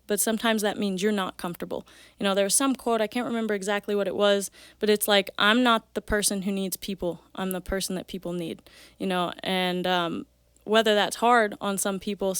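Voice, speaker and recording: A young woman in her twenties talks fast and openly as a podcast guest, breaking into laughter now and then. Her voice is crisp and clean, recorded dry and close with no room sound. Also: medium pitch, fairly even intonation, no room sound. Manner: quick, candid and chatty, laughs often. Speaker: guest, professional fighter. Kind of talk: casual interview conversation.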